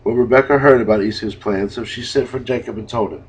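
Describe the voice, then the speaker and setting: Husky male Bible reader. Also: mid-range voice, fast, hardly any pauses. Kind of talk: scripted narration. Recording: dull lo-fi recording.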